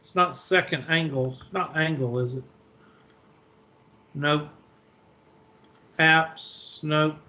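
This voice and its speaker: A man teaching a math class, with a bright, somewhat high voice and an unhurried pace. He gets flustered and mutters to himself as he hunts for something. The recording is dull and lo-fi. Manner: flustered, talking to himself while searching. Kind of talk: online class lecture.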